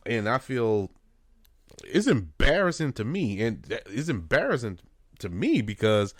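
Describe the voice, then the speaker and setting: A man's voice: mid-range voice, very animated, a little slow, no echo. Earnest New man, dry studio. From New Orleans. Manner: conversational, many fillers, earnest. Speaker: radio host. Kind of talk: casual spoken commentary.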